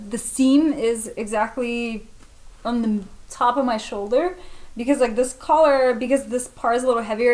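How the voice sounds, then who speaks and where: A woman vlogging a sewing project at home, thinking aloud casually with lots of "like" fillers and a self-deprecating manner. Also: a little high.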